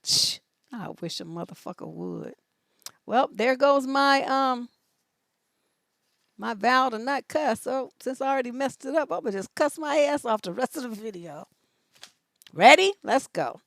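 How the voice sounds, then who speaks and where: Blunt, profane woman with a high voice. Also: a little slow, dry recording. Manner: blunt and profane, joking, reads questions aloud. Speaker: relationship coach answering viewer questions. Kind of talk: casual livestream advice chat.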